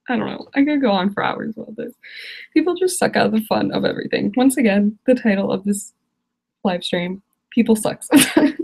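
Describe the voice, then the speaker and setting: A woman's voice: mid-range voice, lively intonation, fairly quick, creaky, darkish tone, breathy edge. A teenage girl ranting on a live stream, exasperated and rambling, laughing often. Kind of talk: casual live-stream rant.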